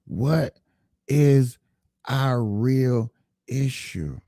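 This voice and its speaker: On his own livestream, a man talks politics casually but earnestly, repeating himself and addressing viewers directly. His mid-range voice is mellow with lively intonation, and he speaks extremely slowly. The sound is studio quality with no echo.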